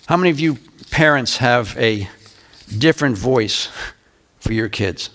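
An older man preaching a verse-by-verse Bible lesson, reading scripture aloud slowly and turning to the congregation with conversational asides. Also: medium pitch, lively intonation, a bit bright. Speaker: pastor. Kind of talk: Bible teaching sermon.

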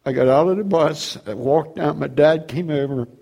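Middle-aged male preacher, slightly high voice, storytelling testimony, voices the people in his story. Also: moderate pace, gravelly, dark tone, slightly rough. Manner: storytelling, acts out dialogue, laughs often. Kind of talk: testimony sermon.

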